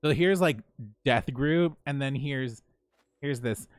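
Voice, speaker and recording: A man streaming live from home, chatting casually with his viewers while he plays. He talks in a lively, profane way and laughs often. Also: medium pitch, takes it slowly, clean tone, no echo.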